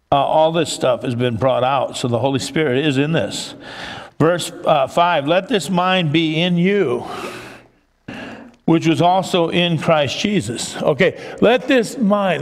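A male pastor preaching an expository sermon, at times rising to excited emphasis. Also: fairly high pitch, in a large hall.

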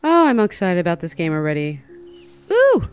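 A woman's voice: on the low side, animated, moderate pace, soft background music. Bubbly woman narrating a game. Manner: bubbly, squeals at creatures. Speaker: gaming channel host. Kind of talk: casual let's play commentary.

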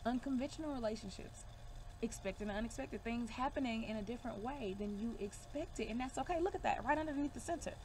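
A woman with a fairly high, slightly mellow voice talks fast over a little hiss or hum. Doing a casual card reading to camera, she's emphatic and reassuring, calling viewers y'all and baby.

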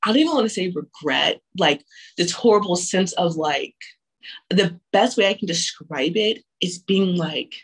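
A woman's voice: lowish voice, animated, normal speed, breathy edge, low-quality recording. A young woman telling her own abortion story frankly and candidly, with frequent restarts and casual swearing.

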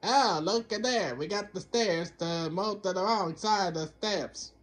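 Man, high-pitched and unhurried, casual game commentary, rambling self-talk with a Dracula-like slant he keeps trying to shake. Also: a bit bright. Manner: keeps drifting into a Count Dracula-style voice and scolding himself for it. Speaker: gameplay commentator. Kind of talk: casual let's-play commentary.

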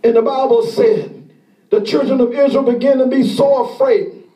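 A man preaching a sermon as pastor, impassioned and often shouting, acting out the pleas of the people he describes. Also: very high-pitched, moderate pace, roomy sound, far from the mic.

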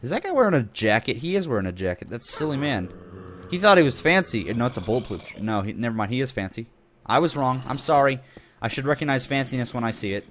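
A man's voice: mid-range voice, big pitch swings, quick pace, a bit bright, slight background noise. Rambling young man playing a video game. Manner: rambling, self-correcting, jokey. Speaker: gaming channel host. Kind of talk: casual game commentary.

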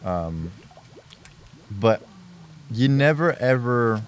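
A man's voice: medium pitch, lively intonation, drawn-out words, slight background noise. A young man speaking earnestly as a guest on a family podcast, rambling and often restarting his sentences. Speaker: podcast guest, host's son. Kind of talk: casual family podcast chat.

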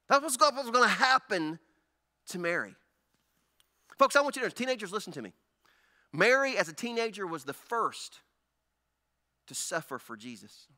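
A male pastor, preaching an animated sermon and acting out the people in the story. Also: high voice, fairly quick, pauses often.

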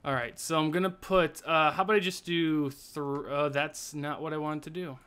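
Excitable high-voiced young man gaming. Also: normal speed, clean tone. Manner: excitable, laughs often, trails off mid-thought. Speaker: host. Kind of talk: casual gaming commentary.

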